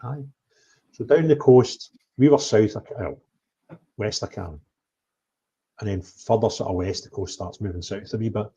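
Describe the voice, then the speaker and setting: A husky, fairly low-voiced man talks bluntly on a livestream. He jumps from loud, raised bursts to quiet mutters. The sound is dull and lo-fi. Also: normal speed, pauses often. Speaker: streamer telling of his travels. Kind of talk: animated livestream chat. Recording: dull lo-fi stream audio.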